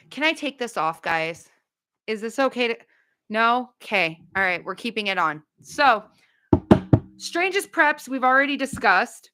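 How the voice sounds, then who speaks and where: A woman hosting a casual livestream, chatting bluntly with viewers, with quick asides and no filter. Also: on the high side, expressive, pushed and bright. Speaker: livestream host.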